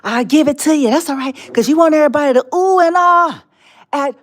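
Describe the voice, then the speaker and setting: A woman's voice: high voice, brisk. A woman streaming live, delivering a mocking monologue as a tempter, drawling with laughs and whispered asides.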